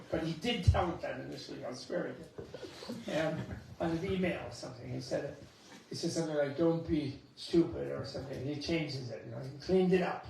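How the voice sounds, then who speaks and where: A man giving a Buddhist talk, an animated storyteller with chuckling asides, recorded in a temple hall. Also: a little high, gravelly, a little hiss or hum. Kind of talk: dharma talk with anecdotes. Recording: echoey hall, mic at a distance.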